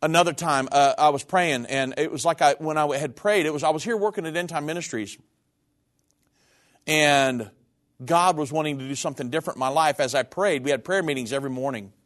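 A middle-aged minister tells his own story from the pulpit in an earnest, heartfelt way. His voice sits a little high for a man. The delivery is personal and emotional, like a sermon testimony. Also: brisk, a bit bright.

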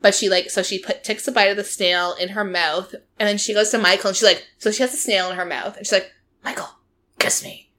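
Bright-voiced woman host telling a story. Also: mid-range voice, quick pace, few pauses. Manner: animated storytelling, laughs often, many "like" fillers. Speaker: podcast host. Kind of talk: casual chat recapping a reality show.

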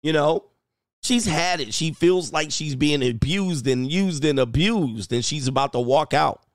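A man's voice: on the high side, measured pace, dry recording, studio quality. A man hosting his channel as a coach, joking through casual reaction commentary and reading news stories aloud.

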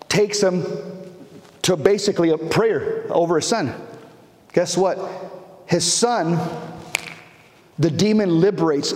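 A fairly high-voiced male preacher tells a story in an animated, stop-start way. His voice rings through a big hall with a long reverb. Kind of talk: storytelling sermon.

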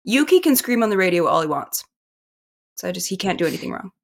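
Brief: woman, podcast co-host, middle pitch, animated and laughing easily in casual chat. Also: fast talker, creaky.

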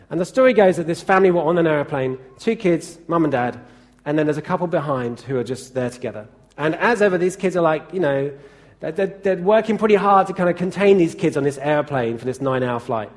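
A man preaching a sermon in a conversational way, often asking the congregation questions and telling anecdotes. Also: high voice. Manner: chatty, asks the congregation questions.

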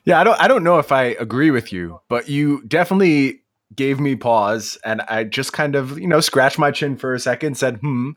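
A man hosting a casual podcast chat, relaxed and musing, a little self-mocking. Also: medium pitch, moderate pace. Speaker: podcast host.

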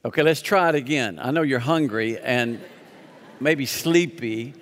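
A man's voice: medium pitch, a little slow, a bit bright. A man preaching a sermon as pastor, reading scripture aloud and leading the congregation in call-and-response with joking asides. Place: church sanctuary. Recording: long reverb of a large hall.

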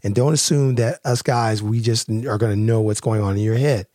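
A man's voice: fairly low pitch, brisk, warm tone, dry recording, studio quality. A man hosting a casual talk on relationships, speaking in a rambling, conversational way with lots of fillers and restarts. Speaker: podcast host.

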